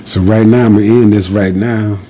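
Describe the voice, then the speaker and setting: A man's voice: on the low side, steady tone, normal speed, warm tone, slight background noise. A man giving an impassioned, defiant monologue as a podcast guest, preaching in short repeated declarations.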